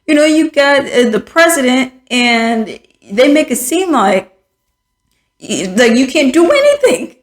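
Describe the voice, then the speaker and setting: Speaking unhurriedly in a high voice that swings widely in pitch, this woman hosts a podcast. Her casual commentary is blunt and exasperated, peppered with fillers and false starts, and the room sounds echoey.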